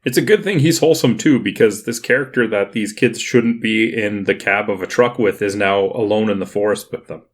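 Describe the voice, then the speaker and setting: A man guest-hosting a podcast, making dry, deadpan remarks. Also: on the low side, brisk, few pauses. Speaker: guest co-host. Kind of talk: casual chat.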